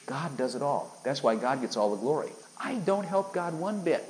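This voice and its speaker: A man's voice: mid-range voice, animated, brisk, few pauses, a little hiss or hum, low-quality recording. A man preaching a sermon, emphatic and full of rhetorical questions aimed at his listeners.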